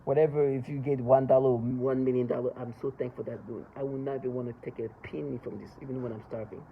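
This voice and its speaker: A man's voice: medium pitch, level tone, quick pace, phone-quality sound, a little hiss or hum. A man in an agitated, accusatory, emotional rant, speaking as a monologue. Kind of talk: angry ranting monologue.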